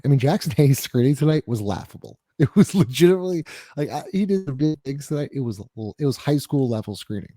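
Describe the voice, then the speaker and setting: A man's voice: mid-range voice, lively intonation, quick pace, hardly any pauses, dark tone, no echo, clean studio sound. A man co-hosting a sports podcast in casual talk, blunt and exasperated, laughing easily. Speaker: podcast co-host.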